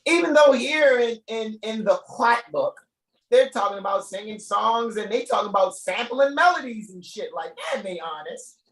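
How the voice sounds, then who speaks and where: Animated man riffing in an echoey room. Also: sits high, moderate pace. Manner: animated, rambling, laughing often. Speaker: host of a live reading. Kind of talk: casual improvised commentary. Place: room in a shop.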